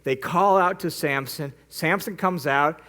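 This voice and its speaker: A man's voice: fairly high pitch, a little slow, pushed and bright. A male pastor preaching a sermon, retelling a story vividly and acting out the characters' lines. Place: church.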